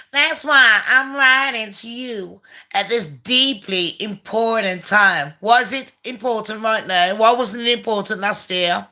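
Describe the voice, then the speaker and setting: A woman rants through a letter line by line, swearing freely and mocking every phrase. Her voice sits a little high and comes across bright and forceful. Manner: profane, sarcastic, mocking. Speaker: channel host. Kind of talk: ranting commentary on a letter.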